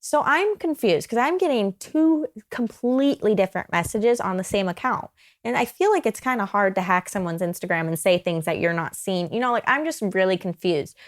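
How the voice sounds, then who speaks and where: A young woman guest on a podcast, telling a personal story casually in an animated, rambling way, full of asides. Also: medium pitch, fairly quick.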